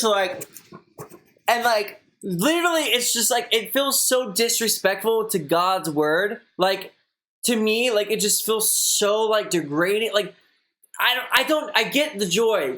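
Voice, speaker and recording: A man's voice: high-pitched, bright, forceful tone. A young man streaming, reading viewer messages aloud and chatting casually in a rambling way, full of filler words. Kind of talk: casual live-stream chat.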